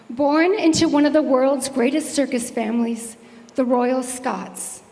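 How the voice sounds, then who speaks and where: A woman's voice: high-pitched, a little mellow, long reverb tail. A woman presenting an award at a ceremony, introducing the honoree with admiring, ceremonial words.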